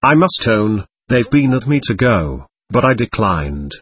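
A man reading an audiobook, voicing a proud, argumentative teenage boy who lectures earnestly and takes offence quickly. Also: on the low side, big pitch swings, fairly bright tone. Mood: confiding.

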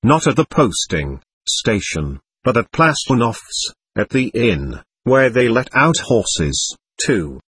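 A man voicing a simple, pious peasant coachman who speaks slowly and deferentially. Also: medium pitch, big pitch swings, breathy edge, no echo, exaggerated voice. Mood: calm. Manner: slow, deferential, gentle. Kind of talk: audiobook character voice.

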